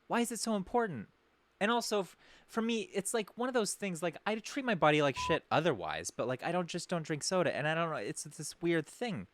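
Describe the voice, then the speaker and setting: Telling a funny story on his podcast, a man wanders off track, uses sarcasm and keeps fixing his own sentences midway. His voice is a little high and a bit bright, with no echo.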